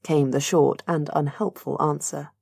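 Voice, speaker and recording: A woman narrating a fantasy audiobook in an even, measured way. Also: sits low, vocal fry, breathy edge, no echo, clean studio sound. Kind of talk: scripted narration.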